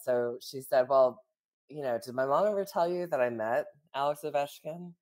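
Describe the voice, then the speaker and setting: Very low-voiced woman telling a story. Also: normal speed, darkish tone. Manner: chatty, full of "like" and "you know", laughs often. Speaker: podcast co-host. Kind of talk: casual storytelling chat.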